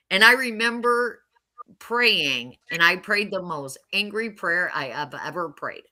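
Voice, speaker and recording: A woman's voice: fairly low pitch, bright, forceful tone. A middle-aged woman telling her life story casually and candidly, often laughing wryly. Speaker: mother telling her testimony.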